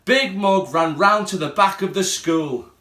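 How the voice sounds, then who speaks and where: A male primary school teacher reading a picture book aloud to children in slow, expressive storytelling. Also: high voice. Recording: roomy room echo.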